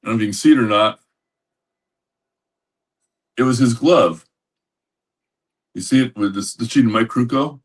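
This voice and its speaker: An older man co-hosting a podcast, telling a rambling anecdote with lots of halting restarts over a video call. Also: medium pitch, recorded from a distance. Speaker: podcast co-host. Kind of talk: casual storytelling.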